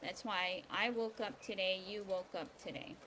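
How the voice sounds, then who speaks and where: A woman hosting a daily video series, talking casually and hesitantly about law and spirituality, with many pauses and ums. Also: mid-range voice. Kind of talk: casual spiritual and legal talk. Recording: outdoor ambience with rain noise. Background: rain, birds.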